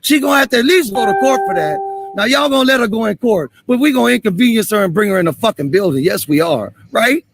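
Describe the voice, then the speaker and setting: A man confronting police on a street, angry and profane, repeating himself and shouting at times. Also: sits high, lively intonation, quick pace, creaky, music in the background.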